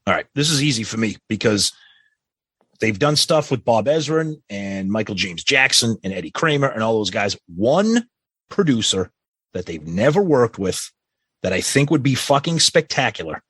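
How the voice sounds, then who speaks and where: A husky-voiced man co-hosts a casual podcast, reading listener questions aloud. He gives blunt, profane opinions with a lively, varied pitch. The recording is dry and close. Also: normal speed, dry recording. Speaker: podcast co-host.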